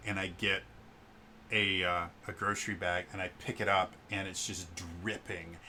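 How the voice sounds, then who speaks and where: A man narrating as game master of a tabletop game, talking in a halting, stumbling way. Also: low voice, flat delivery, crowd noise.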